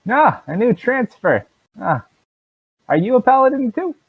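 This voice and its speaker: A man's voice: extremely high pitch, sing-song, unhurried, breathy edge, dry recording, narrow, tinny audio, voice pushed up, exaggerated voice. A man voicing an anxious, friendly male jail guard paladin who rambles and frets. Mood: fretful. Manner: fretful, rambling, full of ums.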